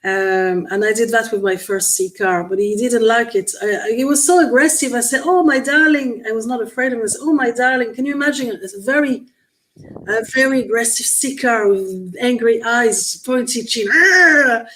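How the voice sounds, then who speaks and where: A woman's voice: fairly high pitch, brisk, low-quality recording. A woman guest in a conversational interview, explaining earnestly while searching for words with frequent restarts. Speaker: guest experiencer.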